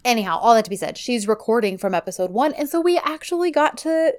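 A woman's voice: on the high side, fast. A woman co-hosting a podcast, chatting casually and animatedly as she recaps a TV show, with lots of filler "likes". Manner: chatty and animated, heavy use of "like". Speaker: podcast co-host.

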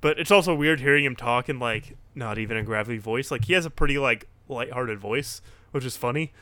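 A man co-hosting a podcast, telling stories in an animated, casual chat. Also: mid-range voice, a little fast, no echo. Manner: animated, storytelling recaps. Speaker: podcast co-host. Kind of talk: casual chat recapping wrestling.

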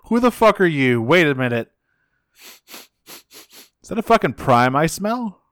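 A man's voice: medium pitch, a little fast, clear, resonant tone, dry recording, studio quality, natural voice. A man voicing a giant, arrogant male robot god who swears angrily and scorns his servant. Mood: furious. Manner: profane, contemptuous, raised voice. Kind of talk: mocking paraphrase in casual chat.

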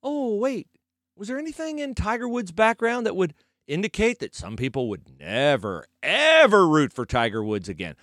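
A man's voice: high-pitched, sing-song, moderate pace, a bit bright, no room sound, clean studio sound. A man hosting sports talk, arguing his point with rhetorical questions and sarcastic emphasis. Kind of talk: opinionated sports commentary.

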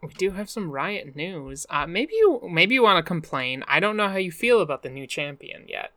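A woman's voice: on the low side, big pitch swings, moderate pace, a bit bright, dry recording. A woman co-hosting a casual podcast, dry and teasing, with frequent fillers. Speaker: podcast co-host.

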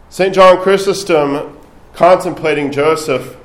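A man's voice: fairly high pitch, moderate pace, roomy sound, low-quality recording. A man preaching a sermon as a priest, speaking conversationally and adding light asides.

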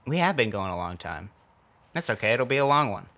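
A man's voice: fairly low pitch, sing-song, brisk, sharp tone. A man co-hosting a podcast in casual chat, rambling and chatty, laughing easily. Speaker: podcast co-host.

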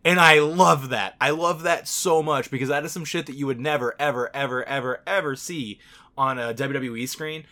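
A man's voice: medium pitch, moderate pace, sharp tone. A man co-hosting a casual podcast, talking candidly, swearing freely, with lots of fillers. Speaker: podcast co-host.

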